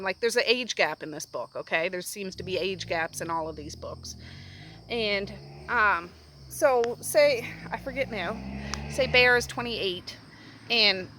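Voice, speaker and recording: A woman hosting a casual book chat, rambling and animated as she recaps a story. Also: medium pitch, slight background noise, low-quality recording. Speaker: book review host.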